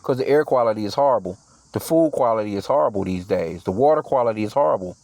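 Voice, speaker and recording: A man's voice: fairly low pitch, expressive, fast, creaky, a little mellow, no room sound. A man teaching from scripture in a casual, slangy way, reading verses aloud and then riffing loosely on them. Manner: profane, with frequent fillers and restarts. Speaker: bible teacher.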